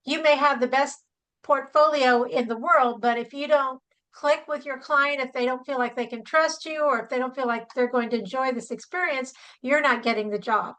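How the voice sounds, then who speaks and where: A woman's voice: high-pitched, moderate pace, a bit bright, rough recording. A woman hosting a podcast interview, upbeat and enthusiastic. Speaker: podcast host. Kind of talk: interview introduction and chat.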